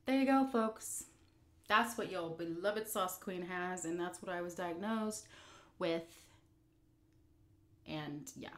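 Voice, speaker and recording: A woman's voice: lowish voice, slow pace, long pauses. A woman vlogger telling a story while eating, candid and blunt, rambling with fillers. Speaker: mukbang vlogger.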